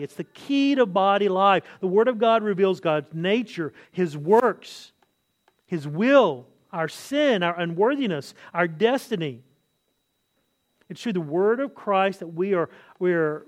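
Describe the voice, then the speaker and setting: Pastor guy giving a sermon, high-ish voice, earnest, keeps restarting and repeating himself. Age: adult, married. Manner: earnest, repeats key phrases, frequent restarts.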